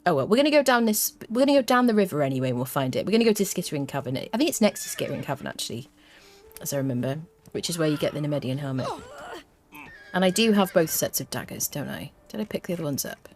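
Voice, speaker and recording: A woman's voice: sits low, big pitch swings, fast, a little mellow. A woman streaming a video game, chatting to her viewers and humming little tunes to herself as she plays. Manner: chats to viewers. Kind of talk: casual live-stream chat while playing.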